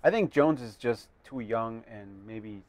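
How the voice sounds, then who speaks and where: A man's voice: mid-range voice, measured pace, a little mellow, no room sound. A man co-hosting a casual podcast, rambling and hesitant, with jokey asides. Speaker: podcast co-host.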